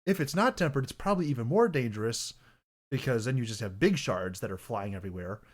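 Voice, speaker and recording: This young podcast host chats casually on stream, talking fast in a mid-range voice with lively intonation. His delivery rambles, he often corrects himself mid-sentence, and he sometimes bursts into loud mock voices.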